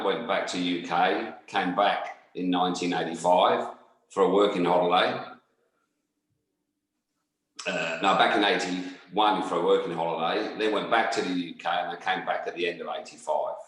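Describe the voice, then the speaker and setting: A man's voice: low-pitched, fairly bright tone. A middle-aged English man from England, a barber and educator, talking easily as a guest over a video call. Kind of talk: casual chat. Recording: very echoey remote call.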